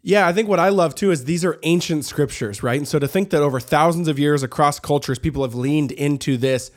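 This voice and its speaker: Upbeat man with a higher voice. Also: fairly quick. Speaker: podcast co-host. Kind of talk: casual podcast discussion.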